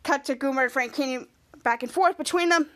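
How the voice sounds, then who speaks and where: A woman's voice: sits high, fairly quick, a bit bright. A woman podcast host recapping a TV episode scene by scene, casually stringing together "cut to" after "cut to".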